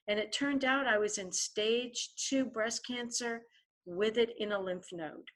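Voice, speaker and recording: A woman's voice: a little high, a little slow, fairly bright tone. A woman guest author telling a vivid story in a podcast interview, often turning to the host by name.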